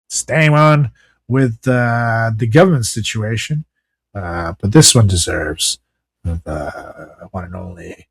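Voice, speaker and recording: A man's voice: on the low side, slow, vocal fry, over music. A man co-hosting a podcast, ranting casually and sarcastically about the news with lots of swearing. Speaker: podcast co-host.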